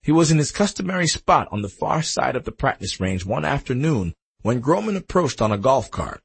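A male narrator reads a nonfiction audiobook with expressive delivery. His voice is gravelly and husky. His pitch moves in a lively way. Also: a little fast. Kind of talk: scripted narration.

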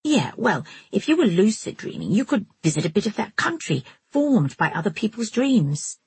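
A woman voicing a gentle, dreamy young woman who speaks tranquilly in a storybook reading. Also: medium pitch, very animated, moderate pace, breathy edge, dry recording, full character voice. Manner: tranquil, musing.

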